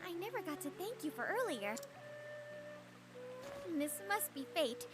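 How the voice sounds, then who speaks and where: A woman's voice: high voice, very animated, a little slow. A woman voicing a cheerful young village dancer with a Southern accent, earnest and friendly, in a video game. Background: game music.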